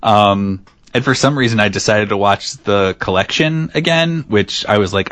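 Low-voiced man joking on a podcast. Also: moderate pace, a bit bright, no echo. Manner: joking, rambling. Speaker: podcast co-host. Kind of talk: casual podcast chat.

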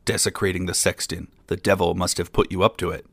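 Male reader as stern exasperated father, low and gravelly, scolding, fairy tale. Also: steady tone, fast, a bit bright, dry recording, heavily acted. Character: exasperated stern old father of a foolish son.

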